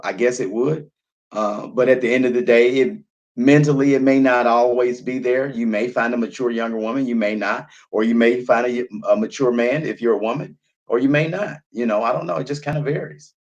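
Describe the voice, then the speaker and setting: A man in his late thirties who talks in a loose, rambling way, repeating words and leaning on fillers as he hosts a casual live stream. His voice sits at an ordinary middle pitch for a man, neither high nor low, and he chats easily between sips of wine. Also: moderate pace, darkish tone, lo-fi sound. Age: 30s. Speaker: live-stream host reading viewer chat. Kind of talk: casual chat while drinking wine.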